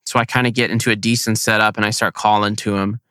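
A man casually telling a hunting story on a podcast, animated and slangy, acting out his own thoughts. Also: fairly low pitch, quick pace, clear, resonant tone, no echo.

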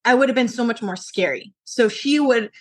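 A young adult woman from Colorado, a podcast guest, talking earnestly and telling animated stories with lots of fillers. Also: a little high, normal speed. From Colorado, USA. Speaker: podcast guest, martial arts instructor. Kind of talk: casual interview talk.

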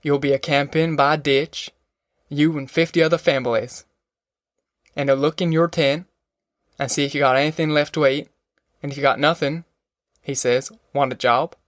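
A man's voice: a little high, steady tone, normal speed, pauses often, no echo, clean studio sound, natural voice. A man voicing a bitter, worn-down male migrant in an audiobook, with a sly, mocking manner and a drawl. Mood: weary. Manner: sly, mocking giggles turning grim and weary.

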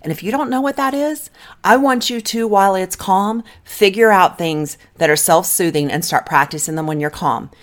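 A woman's voice: mid-range voice, normal speed. A middle-aged woman, a marriage therapist, giving direct, coaching advice on a podcast and talking listeners through breathing counts.

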